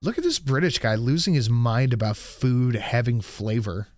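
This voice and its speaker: A man's voice: mid-range voice, animated, normal speed, a little mellow, no room sound. A man hosting a live stream, reacting to clips in a casual, sarcastic way and swearing freely.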